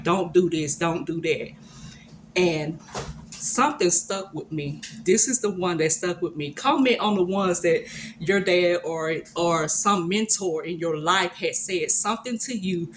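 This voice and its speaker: A woman's voice: on the low side, a little hiss or hum. A woman giving a casual devotional talk, retelling a Bible story in a colloquial, conversational way. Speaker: speaker sharing a devotional.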